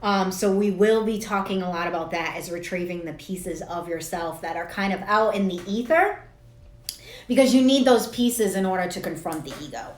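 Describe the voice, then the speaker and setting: A woman's voice: lowish voice, moderate pace. A woman in her thirties, a spiritual coach talking straight to camera in a casual, rambling way, swearing freely and laughing at herself. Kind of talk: casual direct-to-camera monologue. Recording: echoey room.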